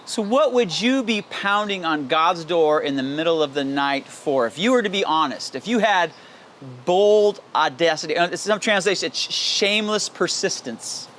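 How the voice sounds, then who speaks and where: Earnest, fairly high-voiced male pastor. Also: expressive, normal speed, fairly bright tone, slight background noise. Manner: earnest, candid, personal; pleading, emphatic repetition. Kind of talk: daily devotional sermon.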